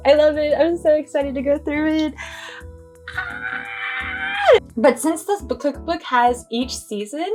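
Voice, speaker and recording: A young woman chatting excitedly in a casual cooking vlog, gushing and squealing with delight. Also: sits high. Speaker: cooking vlogger.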